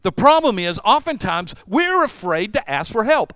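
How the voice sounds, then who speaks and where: A pastor delivers his sermon with a fairly high, sharp voice, recorded dry and close. He tells stories with playful asides and swings from loud outbursts to quiet, hushed passages. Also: a little slow, few pauses, smooth, no room sound. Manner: energetic storytelling, jumps between loud and hushed; playful asides and self-deprecating humor.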